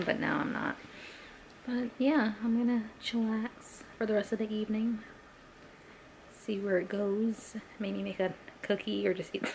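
A woman's voice: on the low side, gravelly, a little hiss or hum. A young woman chatting casually at home in a rambling vlog, laughing often as she talks. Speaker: lifestyle vlogger. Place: at home, indoors.

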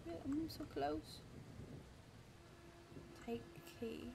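A young woman streaming a horror game, reacting excitably, swearing, shrieking and laughing nervously. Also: high-pitched, drawn-out words, vocal fry. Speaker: gaming streamer. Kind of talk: reactive gameplay commentary. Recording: noisy home recording.

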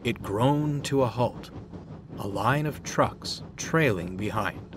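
A calm male storyteller reads with deliberate, steady phrasing in a low voice. He takes his time over every line. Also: breathy edge, no room sound, clean studio sound. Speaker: narrator. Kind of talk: storybook narration.

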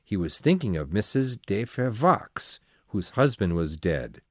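A man's voice: on the low side, big pitch swings, measured pace, dry recording, studio quality. A man reading a classic novel aloud as an audiobook narrator, telling the story expressively.

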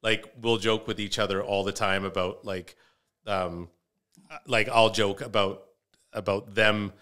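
Rambling, bright-voiced comedian man. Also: lowish voice, steady tone, unhurried. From Canada. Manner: rambling, storytelling with restarts. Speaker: comedian guest. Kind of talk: casual podcast chat.

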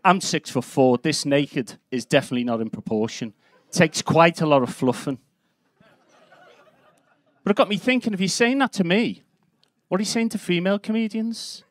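A man's voice: a little high, normal speed, pauses often, no room sound. A man in his fifties from Liverpool with a Scouse accent, doing a live stand-up set in a comedy club with a brash, sweary, punchy delivery. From Liverpool, England. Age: 50s.

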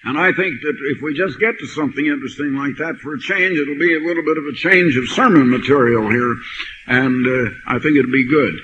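An older man preaching a sermon, telling stories and reading scripture slowly and with emphasis, on an old lo-fi recording. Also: medium pitch, background noise. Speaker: pastor. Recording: dull lo-fi archive sermon recording.

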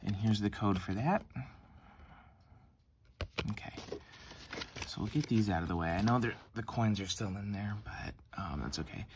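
A sleepy young man with a very low voice, talking softly, close to a whisper, with a trace of faint hiss behind him. He hesitates often, filling gaps with ums and likes. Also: expressive, normal speed, long pauses. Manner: soft-spoken and hesitant, many ums and likes, near-whispering. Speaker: card-opening channel host. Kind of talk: casual pack-opening vlog.

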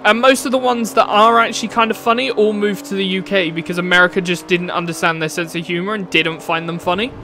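A British gaming streamer from the United Kingdom rants casually and bluntly while playing a racing game, airing strong opinions, swearing now and then, and laughing at his own jokes. His voice is high and fairly even in intonation, delivered fast with hardly any pauses and a sharp tone. There's slight background noise.

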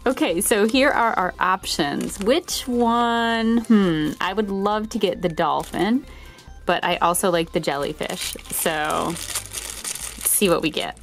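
A woman's voice: medium pitch, very animated, takes it slowly, faint music behind. A woman hosting a toy unboxing video, bubbly and giggly, gushing over each toy she opens. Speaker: toy channel host.

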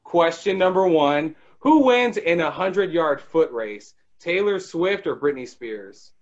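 A man hosting a radio show, running a playful quick-fire quiz with an upbeat, joking manner. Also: fairly high pitch, animated. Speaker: radio host. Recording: dull lo-fi sound.

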